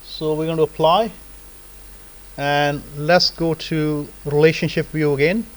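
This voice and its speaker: A man gives a live software lesson, talking students through each click in a loose, conversational way. His voice sits a little high for a man, and he keeps tagging sentences with "right?" and "okay?". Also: little pitch movement, a little slow, low-quality recording. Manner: casual, repeats "right?" and "okay?" as check-ins. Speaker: lecturer. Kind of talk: live software tutorial lecture.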